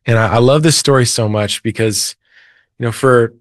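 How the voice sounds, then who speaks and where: A Christian author and preacher, appearing as an interview guest, earnestly retells a Bible story and gives the characters their own quoted voices. His mid-range voice moves at a moderate pace, recorded with studio quality and no echo.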